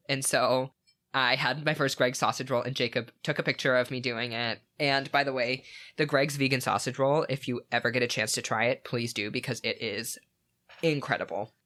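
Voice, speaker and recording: A young man on a podcast, chatting casually with a bright, forceful edge to his voice. He tells his story eagerly and rambles, with lots of "like" and "um" along the way. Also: medium pitch, steady tone, moderate pace. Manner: enthusiastic, rambling storytelling with many "like"s. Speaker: podcast co-host. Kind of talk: casual chat.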